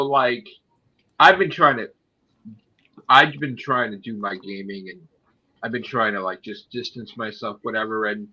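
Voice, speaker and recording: A man's voice: mid-range voice, pushed and bright, lo-fi sound. An American man ranting in a casual chat, swearing a lot. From United States.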